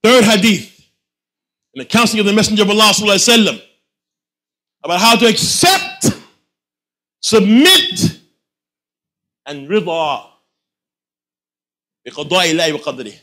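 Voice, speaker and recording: A man preaching a Friday sermon, swinging from soft asides to shouted rhetorical questions with slangy phrasing. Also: sits high, sing-song, normal speed, long pauses. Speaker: imam.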